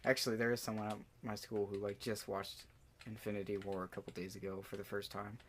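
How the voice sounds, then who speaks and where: A teenage boy co-hosting a casual comedy podcast, playful and quick to laugh. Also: on the low side, flat delivery, a little hiss or hum. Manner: giggly, playful. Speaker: podcast co-host. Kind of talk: casual chat.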